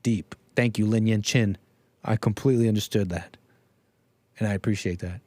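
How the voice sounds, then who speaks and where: A man hosting a live stream in a casual, jokey, animated way, reading out viewer messages and reacting to clips. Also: on the low side, normal speed, no echo. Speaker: livestream host.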